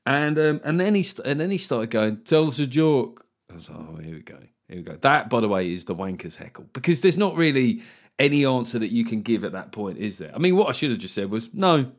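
A man's voice: mid-range voice, very animated, brisk. A middle-aged man, a comedian hosting his own podcast. He chats casually, swears freely and acts out other people's voices as he tells a story. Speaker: podcast host and stand-up comedian. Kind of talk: casual solo podcast monologue.

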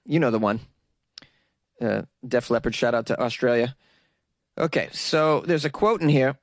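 A man's voice: mid-range voice, moderate pace, long pauses, dry recording, studio quality. A young man from Massachusetts hosting casual news commentary, with joking, sarcastic asides. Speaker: host.

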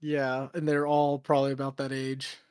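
A woman with a very low voice co-hosting a casual podcast. She mostly chimes in with short, relaxed reactions, and the sound is dry. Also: moderate pace, clean tone, no room sound. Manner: short, laid-back agreeing replies. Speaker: podcast co-host. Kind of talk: casual chat.

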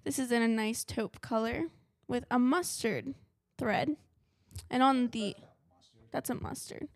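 A woman's voice: on the high side, unhurried, dry recording. A young woman co-hosting a podcast, chatting playfully and laughing often. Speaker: podcast co-host. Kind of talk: casual chat.

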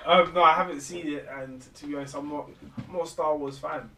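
Rambling man, slightly high voice. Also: steady tone, fairly quick, background noise. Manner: rambling, hesitant storytelling. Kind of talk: casual group chat.

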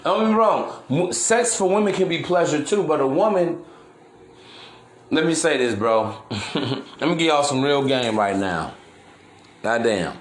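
Slangy podcast guy preaching and cussing, bit high voice, echoey room. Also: animated, unhurried, pauses often, slight background noise. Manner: brash, preachy, slangy, swears. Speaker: podcast host. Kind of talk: casual monologue.

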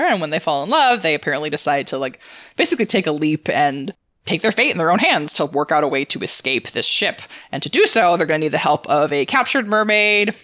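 A woman's voice: sits low, a bit bright, dry recording. A woman co-hosting a book podcast in a casual, chatty way, laughing often and adding asides. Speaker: podcast co-host.

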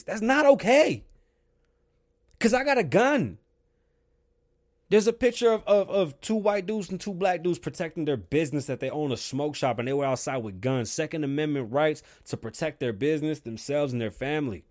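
A man's voice: on the high side, normal speed. Heated, profane male ranter. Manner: heated, swears constantly, swings loud and quiet. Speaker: show host. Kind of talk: profane opinion rant.

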